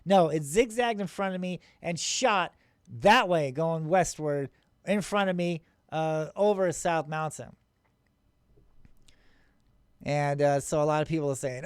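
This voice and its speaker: High-pitched guy excitedly talking over his ufo clip, smooth voice, dry close sound, keeps restarting sentences. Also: unhurried, dry recording. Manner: excitable, rambling, with many restarts and chuckles; incredulous toward skeptics. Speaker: paranormal channel host. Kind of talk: casual commentary over his own video footage.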